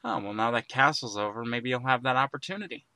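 A man's voice: medium pitch, expressive, fast, pushed and bright, no echo. A man co-hosting a crude comedy chat, bantering in a goofy way. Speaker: podcast co-host.

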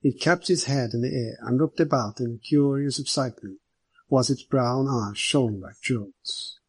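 A man reading a novel aloud as narrator, in a measured, even way. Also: mid-range voice, husky, no room sound, low-quality recording. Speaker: audiobook narrator. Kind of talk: scripted narration.

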